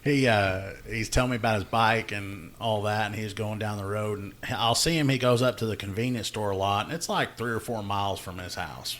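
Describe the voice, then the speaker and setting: A man's voice: lowish voice, a little fast, hardly any pauses, a bit bright. A man, hosting a casual podcast chat and telling a work story with plenty of laughter and acted-out dialogue. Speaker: podcast host, law enforcement officer.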